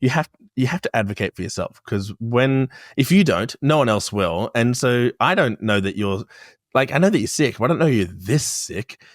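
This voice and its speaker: Man, giggly, supportive, mid pitch, dry close sound. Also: expressive, moderate pace, no echo. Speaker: podcast co-host. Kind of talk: casual chat.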